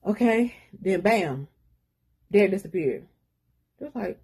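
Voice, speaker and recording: Brief: husky-voiced woman, relaxed book recap, rambling and slangy. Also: mid-range voice, unhurried. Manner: rambling retelling with slangy asides. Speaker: book reviewer.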